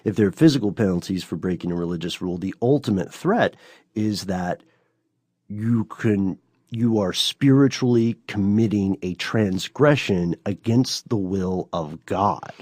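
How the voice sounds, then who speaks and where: A man with a fairly low voice co-hosts a podcast in loose, casual chat. He keeps checking in with his listener as he talks. The sound is dry and close, with no room around it. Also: a little slow, a little mellow, dry recording. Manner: conversational, leans on "you know" and "right?". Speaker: podcast co-host.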